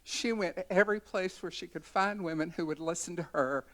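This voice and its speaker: A woman's voice: on the low side, fairly quick. Woman in her sixties telling a story. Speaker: community educator. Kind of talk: storytelling speech at a symposium. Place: college conference center.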